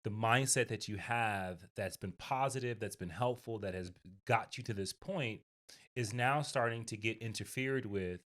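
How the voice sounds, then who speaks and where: A man's voice: on the low side, normal speed, fairly bright tone. A man co-hosting a podcast, talking casually with frequent restarts and "right?" tags. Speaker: podcast co-host.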